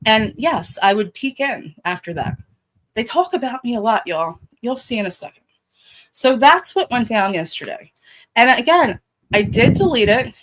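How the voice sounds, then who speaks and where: A woman's voice: on the high side, poor audio. A middle-aged woman with a Baltimore accent hosting a casual livestream, blunt and profane, talking straight to her chat. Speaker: livestream host.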